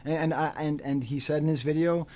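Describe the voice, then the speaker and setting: A man's voice: a little high, fairly even intonation, brisk, a little mellow. A man giving an unscripted commentary monologue, repeating phrases for emphasis and dropping into mocking quoted voices. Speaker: YouTube commentator.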